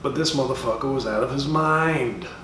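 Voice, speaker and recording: A man's voice: medium pitch, normal speed, background noise, close to an everyday voice. A man doing a comedic impression of a brash middle-aged comedian, who speaks to schoolchildren in a drawling, profane, taunting way. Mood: mock-serious. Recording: roomy sound from a distant mic.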